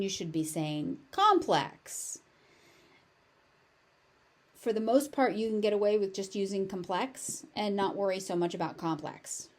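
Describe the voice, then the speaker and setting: In this pronunciation lesson, a woman with a mid-range, slightly mellow voice and a General American accent says each word repeatedly and breaks down its sounds.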